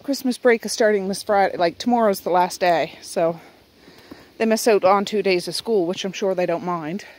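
A woman's voice: medium pitch, normal speed, a little mellow. Woman, middle-aged, Nova Scotian accent, casual home vlog, rambling chat. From Nova Scotia, Canada. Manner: chatty, rambling, self-correcting. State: out of breath. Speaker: vlogger. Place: outdoors in snow at dawn.

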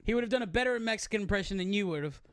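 A man's voice: high voice, expressive, very fast, clear, resonant tone, dry recording, studio quality. A young man co-hosting a comedy podcast, laughing often and slipping into mock gangster voices. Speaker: podcast co-host. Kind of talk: casual comedic chat.

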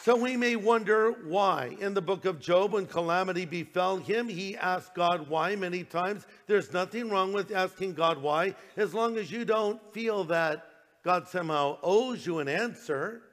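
A man's voice: sits high, a little slow, fairly bright tone, in a large hall. An older man, a pastor, preaching a sermon in a conversational way, slipping into quoted voices.

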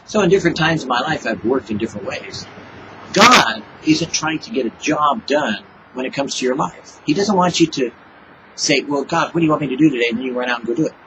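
A man's voice: mid-range voice, lively intonation, a little fast, lo-fi sound, background noise. A man giving an informal devotional sermon, talking casually and acting out little back-and-forth exchanges with God. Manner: conversational, acts out little dialogues with God. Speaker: preacher.

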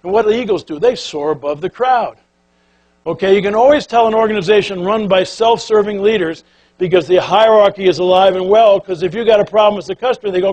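An older man giving a folksy, animated storytelling speech to an audience, acting out voices as he goes. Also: sits high, a little fast. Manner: animated, folksy, acts out quotes and quacking sounds. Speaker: keynote speaker.

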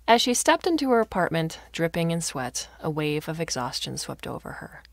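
A woman reads a story aloud with expressive, wry narration. Her voice is low and noticeably gravelly. The recording is dry and close to the mic. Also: moderate pace, no echo.

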